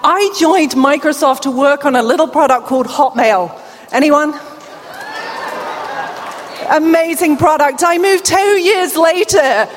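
A middle-aged woman with a British accent and a deaf accent speaks in a high, bright register, upbeat and playful as she works the crowd. Her voice rings out through a large hall and trails off in a long reverb. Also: a little slow, pauses often, noisy background. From England. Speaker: keynote speaker. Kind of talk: conference keynote.

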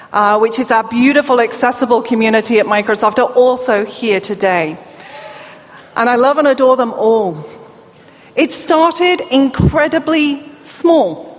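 A woman with a British accent and a deaf accent gives a conference keynote in a large hall, rousing the crowd and talking to the audience directly. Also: sits high. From England. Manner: lively, crowd-rousing, warm asides to the audience. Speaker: keynote speaker. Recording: long hall reverb, faint room noise.

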